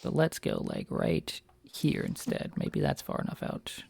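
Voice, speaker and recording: A man's voice: a little slow, darkish tone, no echo. An American man streaming a fishing game, chatting casually and rambling through opinionated tangents. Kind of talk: casual gameplay chat.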